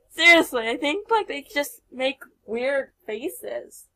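Young woman chatting through a life sim game, kinda high voice, takes her time, giggles a lot. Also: expressive, slow pace, bright, forceful tone. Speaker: gameplay commentator. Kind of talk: casual let's play commentary.

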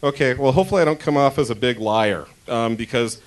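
A man's voice: mid-range voice, fast talker. A man from Denver doing a stand-up comedy set on a club stage, chatty and crude, often interrupting himself.

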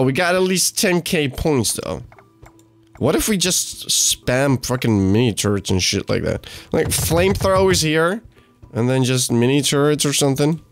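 A young man commentating gameplay, excitable, cursing freely and swinging between shouts and mutters. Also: on the high side. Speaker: gaming YouTuber.

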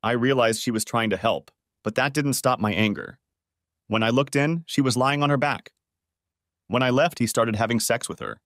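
A man's voice: lowish voice, normal speed, a bit bright, dry recording, studio quality. A man narrating a first-person audiobook story in a dramatic, emotive reading.

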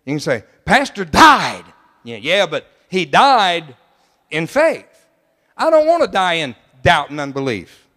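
A middle-aged pastor with a notably high voice for a man, preaching in an emphatic, folksy style. His sermon rings out with a long echo from a church hall. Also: wildly swooping pitch, a little slow, sharp tone. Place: church sanctuary.

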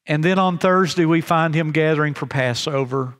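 A man preaching a sermon as pastor, earnest, with halting restarts, slowing down for emphasis. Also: on the high side, a bit bright. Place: chapel. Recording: long reverb in a chapel.

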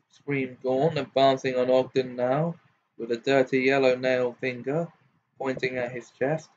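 A man reading a storybook aloud in an unhurried, steady narration, in a muffled home recording. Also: mid-range voice. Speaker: audiobook reader.

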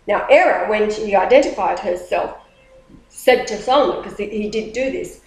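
A woman's voice: mid-range voice, moderate pace. A woman with a mid-range voice tells a story in a loose, conversational way. She rambles with animation and often restarts sentences. The recording has a roomy echo. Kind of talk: casual storytelling talk.

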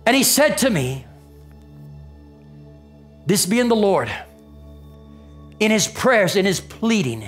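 A man preaching a sermon in a church, emphatic, swinging between raised exclaims and low murmurs. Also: big pitch swings, takes it slowly, pauses often, faint music behind. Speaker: pastor. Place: church sanctuary.

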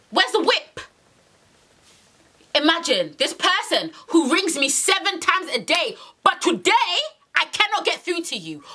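A young woman telling a storytime to camera in an animated, exasperated way, repeating her phrases and using slang. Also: high-pitched. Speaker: vlogger. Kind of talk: storytime monologue.

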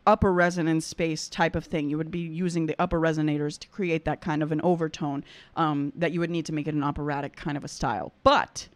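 A young adult woman, an opera singer, giving casual reaction commentary, excitable and gushing at times, and explaining singing technique in a chatty teaching way. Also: deep voice, no room sound. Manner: excitable, gushing, with quick bursts of praise.

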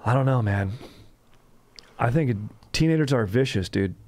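A man's voice: medium pitch, expressive, moderate pace, a little mellow, no room sound. A man hosting a comedy podcast, rambling and joking in laid-back skater slang. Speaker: podcast host.

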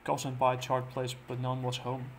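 A man casually recapping a comic book plot, halting and full of fillers and restarts. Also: medium pitch, monotone, slight background noise.

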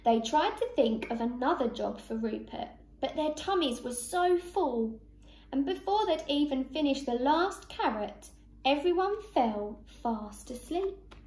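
A woman teacher reading a picture book aloud to young children, slow and expressive. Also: sits high, echoey room.

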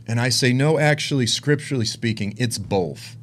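A man preaching, telling a personal story with emotion, dropping to hushed tones and rising to intense ones. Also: medium pitch, moderate pace, few pauses. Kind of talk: sermon testimony.

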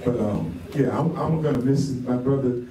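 A man's voice: mid-range voice, normal speed, a crowd in the background. A man giving a eulogy for a childhood friend, a jovial storyteller who often breaks into laughter. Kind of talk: memorial speech. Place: memorial service hall. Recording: very echoey hall, distant mic, noisy.

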